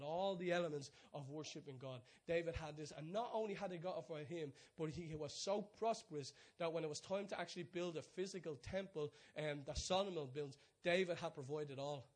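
Animated preacher man, higher voice. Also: brisk, few pauses. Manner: storytelling, swings from soft hushed asides to loud excited peaks. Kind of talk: sermon.

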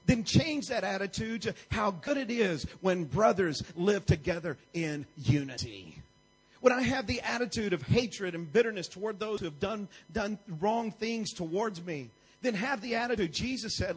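A man's voice: high-pitched, lively intonation, normal speed, husky, low-quality recording. A man preaching a sermon in a church, with an emphatic, repetitive preaching cadence.

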